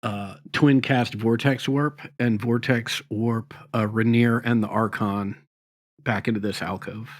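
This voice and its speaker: A man's voice: medium pitch, steady tone, unhurried, no room sound, studio quality. A man playing a tabletop game, stating his moves in a plain, matter-of-fact way. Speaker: player. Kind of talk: tabletop role-play.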